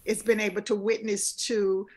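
A woman's voice: medium pitch, level tone, moderate pace, darkish tone. A woman in her fifties, a guest speaker talking earnestly in a casual interview, repeating phrases for emphasis. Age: 50s. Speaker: guest speaker and life coach.

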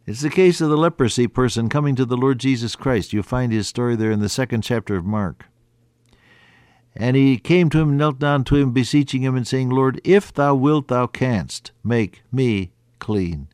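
A man preaching an earnest sermon, quoting scripture in old-fashioned wording and rising, then dropping to a hushed voice. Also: mid-range voice, normal speed, clean tone, no echo, clean studio sound. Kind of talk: radio sermon.

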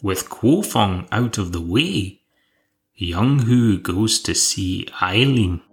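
A man's voice: fairly low pitch, lively intonation, slow pace, a little hiss or hum. A man hosting a podcast, recapping an episode in a dry, wry, casual way. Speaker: podcast host.

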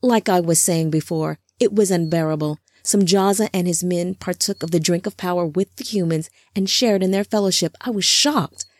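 A woman's voice: lowish voice, moderate pace, hardly any pauses, natural voice. A woman reading an earnest male angel.

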